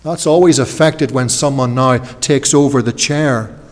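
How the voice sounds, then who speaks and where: A man's voice: medium pitch, unhurried. A man preaching an expository sermon at an evening service, earnest and repeating phrases for emphasis. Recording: long hall reverb.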